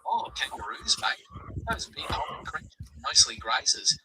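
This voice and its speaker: A man's voice: mid-range voice, sing-song, unhurried, background noise. A synthetic male AI assistant voice, breezy and friendly, calling everyone mate. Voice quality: synthetic, evenly chipper. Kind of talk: synthetic conversational replies.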